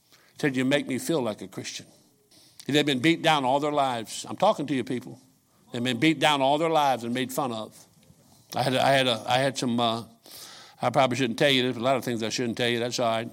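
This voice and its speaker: An older man preaching a sermon, telling folksy stories and swinging from quiet asides to shouts. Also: mid-range voice, fairly even intonation, brisk. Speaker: pastor.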